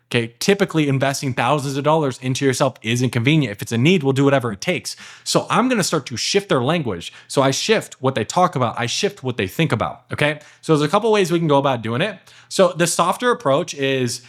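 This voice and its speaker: A man giving a casual, energetic sales lesson at his computer, talking fast with lots of fillers and acting out sales calls. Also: mid-range voice. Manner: energetic, emphatic, acts out sales dialogue with many "like" and "okay" fillers. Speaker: sales trainer. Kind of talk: casual instructional talk to camera.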